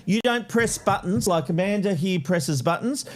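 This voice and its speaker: A man, his voice sitting a touch higher than most men's, talking through insider entertainment news. He speaks in a confident, chatty way, like a regular on a talk radio panel. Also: moderate pace. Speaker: entertainment reporter.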